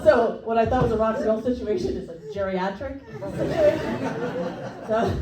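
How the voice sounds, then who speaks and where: A woman doing a stand-up comedy set in a comedy club, telling stories with quick asides. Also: on the high side. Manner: lively storytelling with quick asides. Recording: echoey club from a distance.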